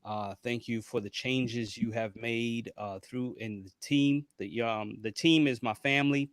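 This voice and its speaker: A man's voice: medium pitch, fairly even intonation, measured pace, no room sound, studio quality. A man hosting a podcast, wrapping up with upbeat thanks and promotions, rattling off rhythmic lists. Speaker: podcast host. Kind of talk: podcast interview and sign-off.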